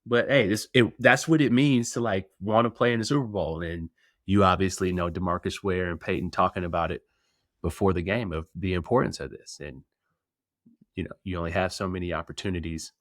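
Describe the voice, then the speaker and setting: A man's voice: low-pitched, steady tone, a little fast, dry recording, clean studio sound. A man co-hosting a sports podcast, a former football player talking through his own stories in laid-back casual chat.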